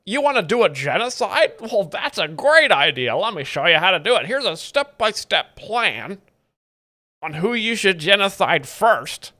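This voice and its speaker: A man's voice: high voice, sharp tone, pitched above the performer's own voice, exaggerated voice. A man voicing a nerdy, overeager male AI chatbot assistant in a chirpy, servile, sing-song way on a comedy stream. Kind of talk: comedic impression on a live stream.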